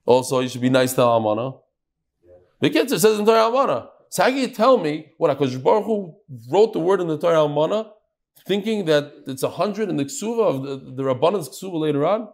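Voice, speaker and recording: A man teaching a daily Talmud class in an animated way, quizzing his students and mixing Hebrew and Aramaic terms into his English. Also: fairly high pitch, quick pace.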